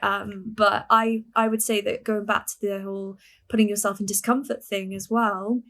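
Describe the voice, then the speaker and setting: A woman's voice: mid-range voice, level tone, normal speed, fairly bright tone. A woman guest on a casual podcast who talks reflectively and sometimes searches for her words mid-sentence. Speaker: podcast guest, fitness coach.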